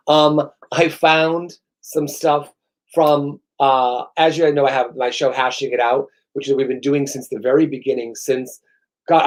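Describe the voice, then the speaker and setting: A man's voice: medium pitch, a little mellow. A man hosting his own show, rambling through stories with profane, sarcastic, self-mocking humor. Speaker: host. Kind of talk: rambling comedic monologue.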